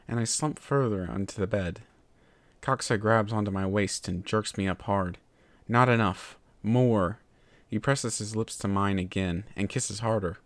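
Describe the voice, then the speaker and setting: A man narrating a fan fiction story in a steady, measured way. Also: on the low side, no echo. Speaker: story reader.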